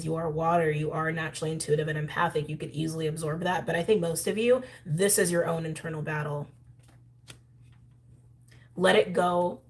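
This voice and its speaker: Young woman doing a tarot reading to camera, lowish voice, chatty and animated. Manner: chatty, animated, talks straight to viewers. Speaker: astrology and tarot reader.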